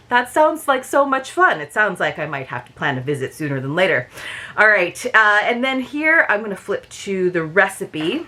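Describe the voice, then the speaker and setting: A woman's voice: medium pitch, expressive, a little fast, pushed and bright. A woman reviewing a subscription box in a casual, chatty unboxing, with many small asides.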